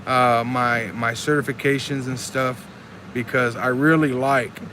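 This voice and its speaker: A man's voice: medium pitch, fairly even intonation, a little slow, pushed and bright, slight background noise. A man chatting casually on a live stream, earnest and rambling, reading chat comments aloud. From Texas.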